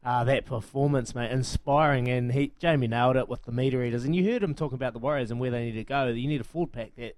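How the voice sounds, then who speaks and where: A man with a New Zealand accent chats about rugby league on a radio show. He sounds relaxed and friendly, easygoing in his delivery and generous with praise. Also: mid-range voice, quick pace, hardly any pauses, no echo. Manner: relaxed, friendly, uses "mate" and "bloke".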